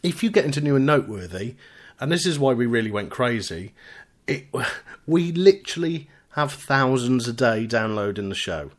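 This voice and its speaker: A man's voice: mid-range voice, moderate pace. A British man hosting a live podcast, full of cheeky banter. He reads out listeners' chat messages and teases his co-host in a loose, joking way. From United Kingdom. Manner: lively, teasing banter reading out chat messages.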